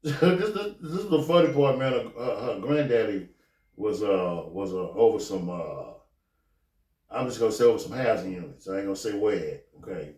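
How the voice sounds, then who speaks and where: A man hosting a podcast, telling a story casually, with animated, profane delivery, acting out the quoted lines. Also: on the low side, moderate pace. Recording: echoey room, mic at a distance.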